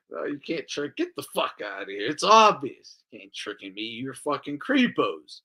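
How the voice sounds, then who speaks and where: A man co-hosting a casual podcast, ranting in an animated way, swearing a lot and acting out what others said. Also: a little high, a little slow, husky. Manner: animated, swears a lot, acts out quoted voices. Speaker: podcast co-host.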